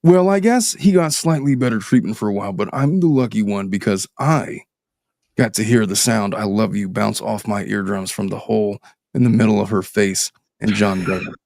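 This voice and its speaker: A man's voice: on the low side, moderate pace, gravelly, a little mellow, no echo, studio quality. A middle-aged man hosting a podcast as a divorce attorney, reading a listener's letter aloud and commenting with sardonic, profane asides. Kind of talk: casual podcast chat.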